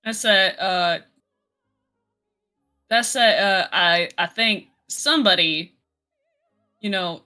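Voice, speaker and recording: A woman's voice: medium pitch, takes it slowly, pauses often, pushed and bright, soft background music. A woman playing her character in a tabletop game, talking in a playful, pushy, rambling way. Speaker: player.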